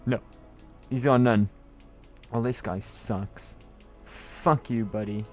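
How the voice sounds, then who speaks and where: A man's voice: lowish voice, steady tone, slow pace, faint music behind. A man chatting and joking loosely while streaming a video game, rambling and swearing now and then. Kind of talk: casual gameplay commentary.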